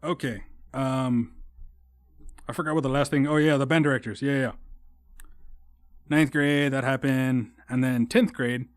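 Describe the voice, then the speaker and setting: A man's voice: medium pitch, steady tone, measured pace, pauses often, no room sound, studio quality. A young man, hosting a solo podcast in a rambling, heavily profane style that often turns heated. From Texas. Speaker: podcast host. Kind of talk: casual solo podcast rant.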